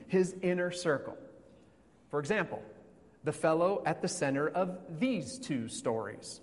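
A man's voice: a little high, a little mellow. A man preaching a sermon as pastor in dramatic storytelling style, with sweeping emphasis and repeated phrases. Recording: long hall reverb.

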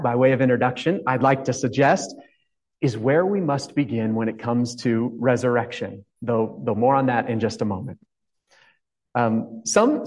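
A man's voice: mid-range voice, poor audio. A male pastor giving a reflective, conversational sermon, asking his congregation questions as he goes.

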